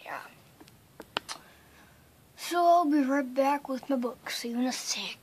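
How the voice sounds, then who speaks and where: A woman vlogging casually to camera, hyper and playful, swinging between loud pleas and whispers. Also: sits high, takes it slowly, slight background noise.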